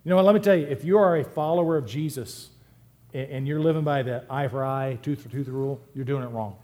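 A man's voice: medium pitch, fast. A man preaching a sermon in a conversational, joking way, rising and dropping his voice for effect. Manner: humorous, conversational, lively swings in loudness. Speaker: pastor.

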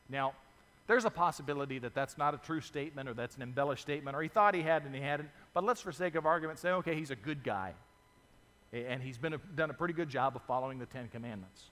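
Animated preacher in a reverberant hall. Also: male voice, medium pitch, a little fast. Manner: animated storytelling, acts out voices in stories. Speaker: pastor. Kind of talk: sermon.

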